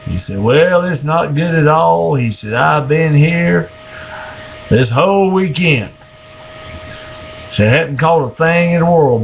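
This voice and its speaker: A man telling dirty jokes in a slow, drawling way, slipping into voices for the characters. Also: on the high side, animated, gravelly, highs cut off, slight background noise. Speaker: joke teller.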